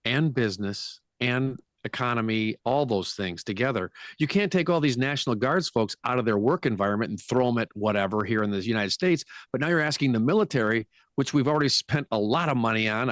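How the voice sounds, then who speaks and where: A man who is a guest on a political talk show, chatty and quick to agree. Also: mid-range voice, lively intonation, no echo, studio quality. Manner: chatty, quick to agree, puts on mocking voices. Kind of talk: casual political chat.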